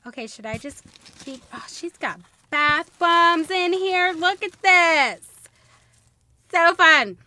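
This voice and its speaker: A woman's voice: very high voice, animated, slow pace, pushed and bright. A young woman hosting her own channel, unboxing a gift box and gushing over each item with squeals of delight. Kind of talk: bubbly unboxing vlog.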